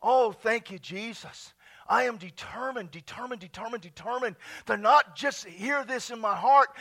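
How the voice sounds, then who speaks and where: High, gravelly, bright-voiced preacher man. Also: animated, moderate pace. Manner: loud, laughing, swinging between shouting and near-whispering. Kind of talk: charismatic sermon. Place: church sanctuary.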